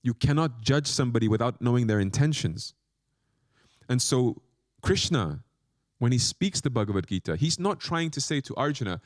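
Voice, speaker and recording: A man, a monk, giving a spiritual lecture, telling stories and asking the audience questions, and slowing down to stress key points. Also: mid-range voice, no room sound, studio quality. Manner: animated storytelling with questions to the audience.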